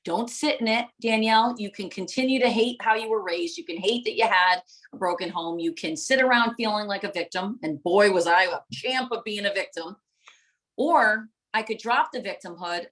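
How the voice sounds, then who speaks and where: A woman's voice: mid-range voice, normal speed, fairly bright tone, poor audio. Middle-aged lady doing a live pep talk, preachy and fired up, repeats stuff for emphasis. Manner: passionate, preacher-like, emphatic repetition. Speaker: motivational speaker and coach. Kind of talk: live-streamed motivational talk.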